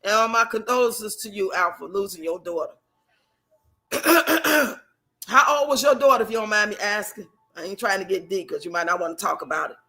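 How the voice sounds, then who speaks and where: A woman's voice: medium pitch, moderate pace, sharp tone, faint music behind. A woman in her fifties hosting a casual commentary vlog, sassy and profane, laughing often as she reads chat comments. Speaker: channel host.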